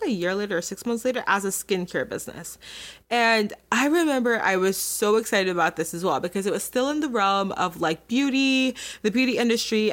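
A young adult woman hosting her own podcast, talking candidly and chattily straight to her listeners. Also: medium pitch. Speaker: podcast host. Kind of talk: casual solo podcast monologue.

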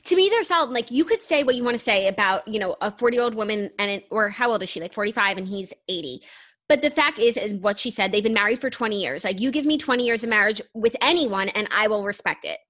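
Bright-voiced young woman co-host. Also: medium pitch, fast talker. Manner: earnest, thoughtful, filler-heavy. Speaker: podcast co-host. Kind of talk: casual chat.

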